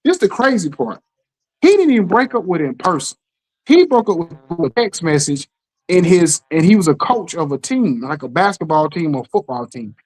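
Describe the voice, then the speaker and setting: A middle-aged man hosts a casual podcast chat. He tells his stories in a lively way, acts out what other people said, and keeps checking that the listener is following. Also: on the high side, moderate pace, rough recording. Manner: animated storytelling, acts out quotes, keeps asking "you know what I'm saying". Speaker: podcast host.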